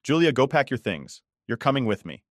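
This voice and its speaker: A man voicing a sharp, no-nonsense grandma. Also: mid-range voice, very animated, brisk, dry recording, clean studio sound, pitched above the performer's own voice. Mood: stern. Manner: sharp and demanding.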